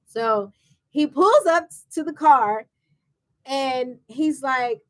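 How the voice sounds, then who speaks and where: A woman, hosting her show and telling a personal story with lively acted-out quotes and laughs. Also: sits high, measured pace. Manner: animated, acts out quoted voices with laughs. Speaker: show host and founder. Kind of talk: personal storytelling to a live audience.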